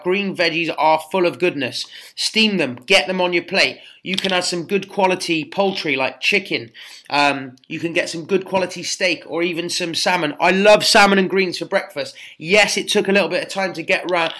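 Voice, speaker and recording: A man's voice: sits high, bright, forceful tone. A man in his thirties with a British accent, a personal trainer giving blunt, chatty fitness advice and calling his listeners mate and guys. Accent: British English. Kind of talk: casual fitness advice monologue.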